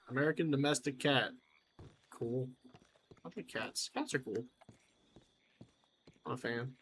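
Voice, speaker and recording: A man chatting his way through a game, wry and self-amused as he pokes around and remarks on what he finds. His voice sits at an ordinary middle pitch. A faint hiss runs under it. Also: unhurried, pauses often, a bit bright. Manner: chatty, wry, talks to himself while exploring. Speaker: gamer. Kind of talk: let's play commentary.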